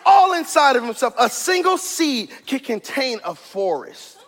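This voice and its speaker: A man preaching a sermon as pastor of his church, in a fiery, rhythmic style that builds to shouted climaxes. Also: very high voice, very animated, a little slow, long reverb tail. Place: church sanctuary.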